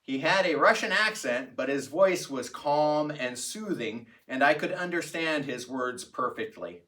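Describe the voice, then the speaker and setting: A man narrating a personal anecdote in a reflective, unhurried storytelling manner. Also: a little high, expressive, a bit bright, recorded from a distance. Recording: voice set back from the mic.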